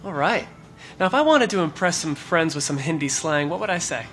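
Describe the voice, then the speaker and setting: Interviewer: brisk, upbeat man firing off quick questions, faint music under him. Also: fairly high pitch, animated, fairly bright tone. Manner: brisk, upbeat, laughs easily.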